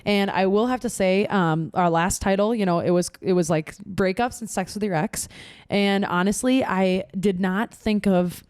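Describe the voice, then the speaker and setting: A woman's voice: mid-range voice, moderate pace, darkish tone, no echo. Candid rambling woman podcast host, dry sound. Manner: candid, rambling storyteller with lots of fillers. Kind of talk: casual chat.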